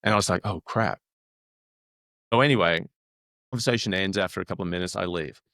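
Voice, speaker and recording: Low-voiced Australian man telling stories. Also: racing, no room sound, clean studio sound. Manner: animated, acts out quoted dialogue. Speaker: actor guest. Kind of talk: casual storytelling.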